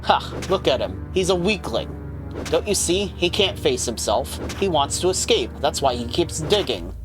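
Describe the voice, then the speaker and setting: A man's voice: fairly high pitch, big pitch swings, normal speed. A man voicing a cruel mask spirit that poses as a scornful father and talks in a sneering, contemptuous way. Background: game music.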